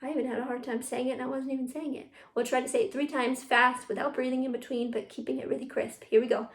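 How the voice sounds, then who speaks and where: Cheery woman teacher, high voice, leading kids through tongue twisters on a computer mic. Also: level tone. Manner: upbeat, encouraging, drills tongue twisters slowly. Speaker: youth theatre drama teacher. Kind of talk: online class for children. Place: at home on a video call.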